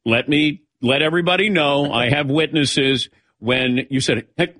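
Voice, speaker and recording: A man's voice: fairly high pitch, measured pace, sharp tone. A man hosting a sports talk radio show, teasing his co-workers in casual banter.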